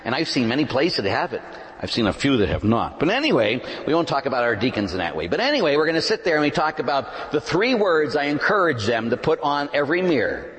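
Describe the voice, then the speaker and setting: A man preaching a sermon as a pastor, swinging between loud emphatic lines and hushed asides. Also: medium pitch, big pitch swings, quick pace. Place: large church. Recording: long church reverb.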